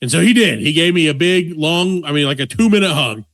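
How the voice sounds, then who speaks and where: Brief: man, thirties, comedy podcast co-host, somewhat high voice, dry close sound, profane and animated storyteller. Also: fairly quick, creaky, no echo. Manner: profane, animated, acts out quotes.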